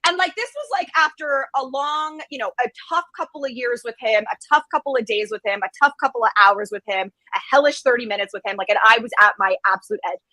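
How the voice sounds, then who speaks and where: A woman guest on a parenting podcast, telling a story in an animated, self-deprecating way and laughing as she goes. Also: on the high side, fast, few pauses, no room sound, rough recording. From Israeli family. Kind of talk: casual storytelling.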